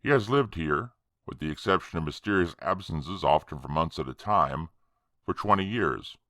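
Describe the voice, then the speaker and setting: A man voicing a reluctant, uneasy friend who speaks hesitantly and gravely. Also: deep voice, expressive, moderate pace, sharp tone, no room sound, studio quality, heavily acted. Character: uneasy middle-aged male friend, reluctant.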